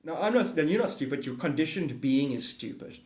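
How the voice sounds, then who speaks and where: A man ranting casually on a livestream, rambling and profane, swinging from mutters to excited outbursts. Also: fairly high pitch, brisk. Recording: echoey room.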